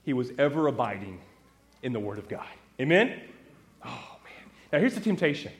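A man preaching a sermon, animated and talking straight to the congregation with rhetorical questions. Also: medium pitch, moderate pace. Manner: asks the audience rhetorical questions; animated, talks straight to the crowd.

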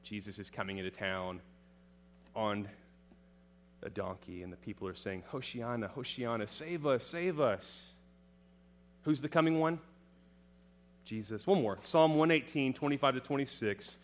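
A man delivering a sermon with a very lively, swinging pitch. He rises to loud, emphatic proclamations and sinks back to quiet low lines, often putting questions to the congregation and answering them himself. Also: unhurried, long pauses. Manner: dramatic, rising to loud emphatic proclamations then dropping low. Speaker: preacher.

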